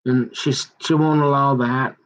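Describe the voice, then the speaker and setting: A man telling a long, aggrieved personal story in a rambling monologue, halting and restarting his sentences as he goes. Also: mid-range voice, fairly even intonation. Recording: dull muffled lo-fi recording.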